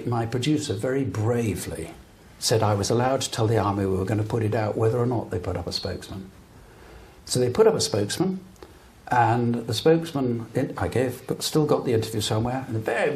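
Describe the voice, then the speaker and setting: A man's voice: mid-range voice, lively intonation, fairly quick, darkish tone. An older man from Britain who tells stories earnestly and emphatically as a guest at a public talk. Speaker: guest broadcaster. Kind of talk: live public interview storytelling. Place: talk venue with an audience.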